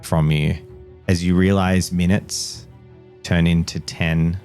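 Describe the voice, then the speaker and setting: Low male game master, slow dramatic scene narration over faint music. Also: flat delivery, darkish tone.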